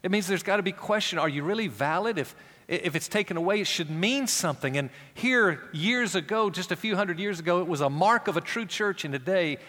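Man preaching in a reverberant hall. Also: brisk. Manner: swings from raised, animated delivery to low, hushed emphasis; acts out quoted voices in conversational asides. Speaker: pastor. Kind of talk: sermon.

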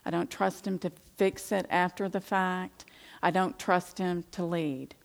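A middle-aged woman speaks to other women in a Christian testimony talk, her voice lowish, gravelly and steady at a measured pace. She tells her story with animation, acting out how indignant she once was.

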